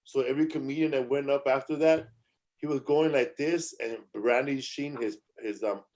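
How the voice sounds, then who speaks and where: A podcast host with a mid-range, darkish voice speaks at a moderate pace, telling stories in a casual chat full of street slang and swearing, and acting out angry quotes. The recording is rough.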